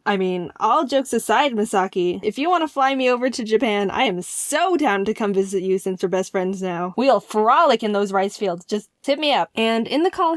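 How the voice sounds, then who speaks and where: An excitable woman narrates a personal story with playful energy and quick jokes. Her voice sits slightly high. The sound is dry and close, with no room around it. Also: no echo. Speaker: animator and storyteller.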